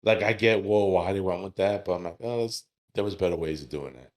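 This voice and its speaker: A man co-hosting a casual podcast chat, relaxed, talking with lots of "like" and "yeah". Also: low voice, a little fast. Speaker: podcast co-host.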